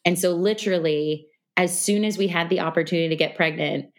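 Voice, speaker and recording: A woman guest on a podcast, talking in a relaxed, reflective way, with lots of fillers. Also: lowish voice, fairly quick. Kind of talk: casual interview conversation. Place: New York City.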